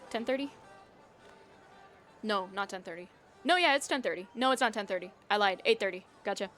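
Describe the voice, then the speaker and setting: A woman's voice: medium pitch, fairly bright tone. Chatty young woman streamer. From United States. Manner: chatty, rambling, full of "like" and "um", laughs often. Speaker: live streamer. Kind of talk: casual chat with viewers.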